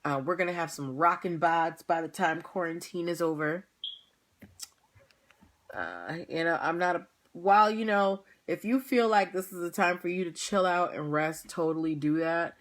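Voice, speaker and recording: Before the show starts, a tired young livestream host yawns and laughs often as she chats casually with her viewers. Her voice is lowish and her pace normal.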